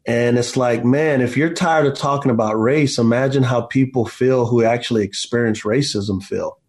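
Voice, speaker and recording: A man's voice: mid-range voice, normal speed, darkish tone, slightly rough. A man in his forties, an author being interviewed, telling stories in an emphatic, preacher-like way and often saying "man". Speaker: author and guest. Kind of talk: impassioned storytelling in an interview.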